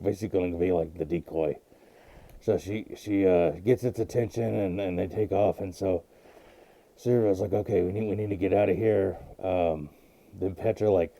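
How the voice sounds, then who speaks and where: A man casually recapping an episode as a podcast host, rambling and halting with many fillers and restarts. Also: sits low, vocal fry, dark tone.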